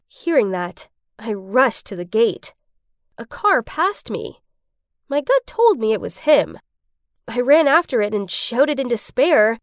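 Slow, lively young woman narrator. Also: a little high, dry recording, clean studio sound. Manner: emotional first-person telling. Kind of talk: storytelling narration.

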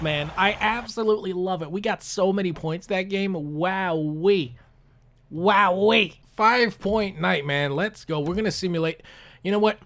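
A young man casually commentating his own gameplay, swearing a lot and jumping from low mutters to loud outbursts. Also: moderate pace, slight background noise. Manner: excitable, swears often, swings from mumbling to yelling. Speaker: gaming commentator.

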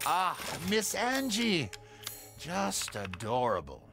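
Genteel game merchant, sly and courteous, drawling with sweeping swoops of pitch. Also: male voice, huge pitch swings, over music, full character voice. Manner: slow, lilting, exaggeratedly polite. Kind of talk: video game voice acting.

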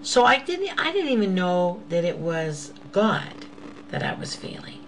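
A woman's voice: lowish voice, big pitch swings, unhurried, creaky, a little hiss or hum, rough recording. A woman giving a personal faith testimony, earnest and intimate, often sinking to a whisper and calling listeners "beloveds.". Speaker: host of an inspirational show.

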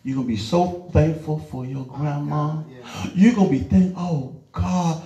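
A middle-aged man preaching a sermon in church, animated and emphatic, swinging from loud urging to low asides. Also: unhurried, echoey room. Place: church hall.

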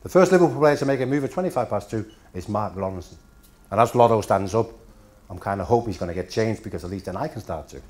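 A man's voice: lowish voice, expressive, quick pace, darkish tone. Danish-born man telling after-dinner stories. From Denmark. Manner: dry storytelling with punchlines. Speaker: after-dinner guest speaker. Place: hotel function room at a dinner.

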